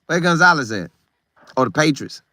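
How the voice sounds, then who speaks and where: A middle-aged man in Florida hosts a casual live stream, reading viewer comments aloud in a loose, talkative manner and repeating phrases for emphasis. His voice is fairly high with lively intonation, delivered at normal speed in a sharp tone. The studio-quality recording has no echo.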